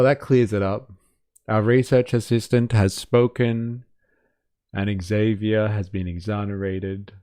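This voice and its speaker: A man's voice: on the low side, mellow, no room sound, studio quality. A man hosting a livestream, reading out viewer comments in a casual, swearing, mock-outraged way. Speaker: livestream host.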